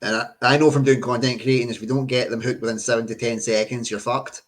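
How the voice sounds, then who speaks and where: A man's voice: mid-range voice, level tone, quick pace. A man co-hosting a casual podcast, blunt and swearing casually. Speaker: podcast co-host and content creator. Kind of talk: casual chat.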